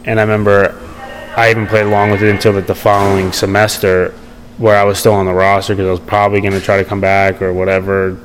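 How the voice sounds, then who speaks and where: A man's voice: deep voice, monotone, fast talker, a little hiss or hum, low-quality recording. A young man telling his story in a casual interview, rambling with many fillers and restarts. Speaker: podcast guest.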